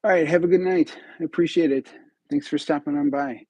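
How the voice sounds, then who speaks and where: A man's voice: on the high side, fairly even intonation, a little fast, darkish tone, dry recording, low-quality recording. A man from New York state hosting a live stream, chatting casually with viewers and muttering to himself as he builds. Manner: chats with viewers, muttering to himself between pieces. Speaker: livestream host.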